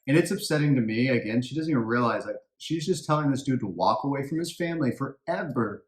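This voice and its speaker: A man's voice: medium pitch, lively intonation, fast talker. A man co-hosting a true crime podcast, speaking bluntly in casual chat. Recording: echoey room.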